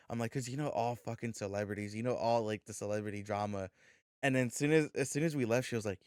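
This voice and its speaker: A man co-hosting a podcast, telling a story in a loose, animated way, swearing freely and acting out the dialogue. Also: medium pitch, rapid-fire, clear, resonant tone, no echo, clean studio sound. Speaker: podcast co-host. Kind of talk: casual storytelling chat.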